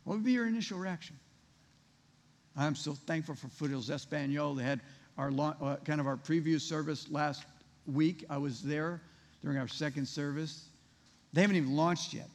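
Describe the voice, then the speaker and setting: In a church sanctuary with a reverberant, hall-like sound, a pastor with a voice on the high side delivers a conversational sermon at a moderate pace. He fires rhetorical questions at his congregation.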